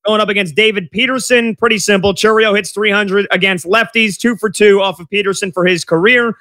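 A man's voice: high-pitched, fairly even intonation, brisk, sharp tone, dry recording. A man hosting a sports radio show, chatty and rambling, with lots of fillers. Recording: dry studio sound.

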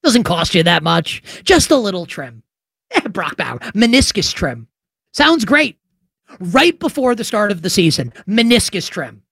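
Animated sarcastic sports radio host man. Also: high-pitched, normal speed, gravelly, breathy edge, no room sound, clean studio sound. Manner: animated, sarcastic, emphatic ranting with rhetorical questions. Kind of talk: opinionated sports talk radio monologue.

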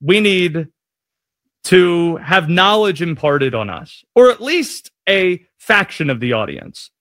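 A slightly high-voiced male sports radio host who talks in a playful, self-mocking way. His voice is close and dry, with no room sound around it. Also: no room sound. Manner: jokey, self-deprecating, animated. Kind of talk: casual sports radio chat.

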